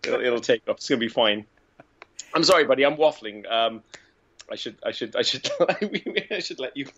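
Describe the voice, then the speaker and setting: A man's voice: mid-range voice, normal speed, slightly rough. Man telling profane comic stories. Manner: animated, profane comic storytelling. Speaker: guest filmmaker. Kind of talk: casual podcast chat. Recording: dull lo-fi audio.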